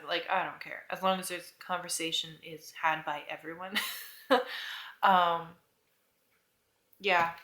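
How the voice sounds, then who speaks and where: A young woman's bright voice, set slightly low, rambles through a casual rant straight to camera. She hesitates, keeps second-guessing herself and trails off with soft laughs. The room around her gives the voice a noticeable echo. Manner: chatty, rambling, hesitant with frequent "I don't know" and laughs. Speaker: vlogger.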